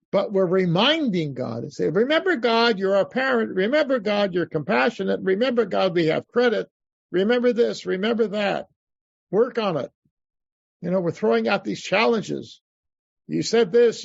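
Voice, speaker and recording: An older man, a rabbi, teaching a class over a video call, animated, acting out pleas to God with many restarts. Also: fairly high pitch, creaky, husky, no echo. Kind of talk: animated lecture. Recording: dull lo-fi video call audio.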